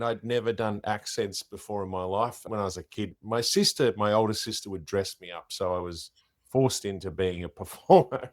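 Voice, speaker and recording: An Australian middle-aged man, an impersonator, telling his story in a chatty, animated way as an interview guest. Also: on the low side, normal speed, no echo, studio quality.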